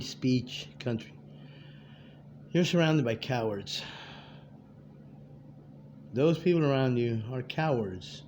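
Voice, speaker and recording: A man's voice: mid-range voice, dark tone. Rambling streetwise man in his fifties. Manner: digressive, streetwise, profane. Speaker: vlogger addressing viewers. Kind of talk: rambling unscripted monologue. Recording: dull lo-fi audio with faint background noise.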